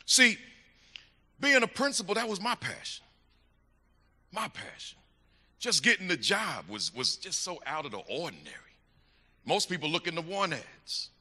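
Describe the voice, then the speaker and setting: Brief: middle-aged male church speaker; emphatic storytelling sermon, intense delivery, long hall reverb. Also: high voice. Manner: animated, emphatic, drops to hushed asides. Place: church sanctuary. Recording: echoey hall.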